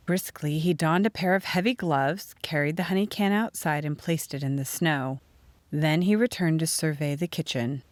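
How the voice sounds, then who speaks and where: A woman narrating a first-person storybook audiobook in an expressive reading. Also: low-pitched, normal speed, dry recording.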